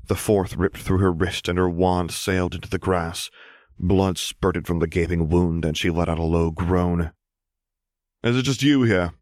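Deep-voiced male audiobook narrator. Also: completely flat delivery, moderate pace, darkish tone, no echo, clean studio sound. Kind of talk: scripted fiction narration.

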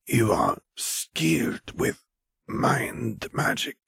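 A sinister wizard creeps through each word in a raspy, breathy drawl, as a male narrator puts him on. His speech is slow and deliberate. The sound is dry and close. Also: mid-range voice, wildly swooping pitch, a bit bright, dry recording, pitched above the performer's own voice, full character voice. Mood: probing. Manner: slow, drawn-out delivery.

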